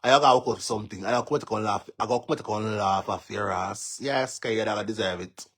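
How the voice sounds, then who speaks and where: Bright-voiced Jamaican man, mocking rant. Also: on the low side, a little fast, slightly rough. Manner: mocking, cursing, repetitive taunting. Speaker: social media commentator. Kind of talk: ranting live-stream monologue.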